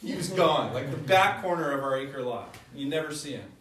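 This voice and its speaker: A man's voice: medium pitch, expressive, moderate pace, a bit bright, distant mic. A young adult man preaching a conversational sermon, telling stories with self-deprecating humor. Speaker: pastor. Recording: echoey hall, voice from afar.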